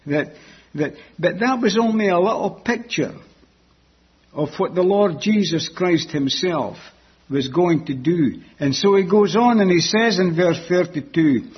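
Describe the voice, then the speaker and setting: Slow, husky-voiced male preacher. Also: high-pitched, animated, lo-fi sound. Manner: deliberate, repeats key words for emphasis. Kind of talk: sermon, Bible exposition.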